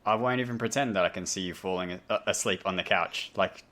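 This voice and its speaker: A podcast host with a light Australian accent chats casually from home over a voice call, drifting into self-deprecating tangents. His voice is low and a bit bright, and he talks briskly.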